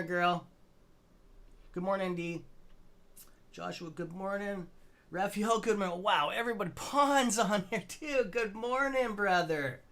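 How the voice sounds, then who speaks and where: A man's voice: sits high, sharp tone. A middle-aged Canadian man hosting a stock trading livestream, rambling loosely and greeting viewers by name in a friendly, casual way.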